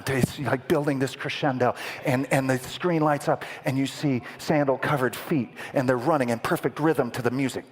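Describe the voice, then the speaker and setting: A man preaching a sermon as vivid storytelling, dramatic and playful with the congregation, building to loud peaks and dropping to a whisper. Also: medium pitch, moderate pace, few pauses. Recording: echoey hall with long reverb.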